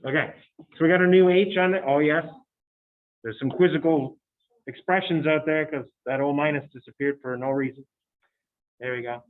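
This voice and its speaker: A man's voice: on the high side, fairly even intonation, normal speed, pauses often. A man lecturing on chemistry to students in a chatty way, with joking asides. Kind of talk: recorded lecture. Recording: tinny phone-like lecture audio.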